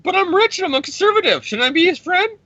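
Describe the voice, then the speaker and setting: A high, squeaky, whining rich conservative politician, as a podcast host puts him on, pleading over and over in a comic-bit impression. The voice jumps far above the man's usual register. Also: expressive, quick pace, pushed and bright, no echo, highs cut off, heavily acted. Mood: whiny pleading. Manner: pleading, whiny falsetto.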